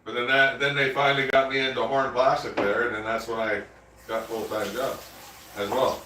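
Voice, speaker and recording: A man's voice: medium pitch, flat delivery, normal speed, far from the mic. A man talks loosely on a livestream and swears often as he strings his stories together. He sits back from the mic in an echoey room. A faint hiss runs under him. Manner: rambling, swears freely, storytelling. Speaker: livestream host. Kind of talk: casual chat.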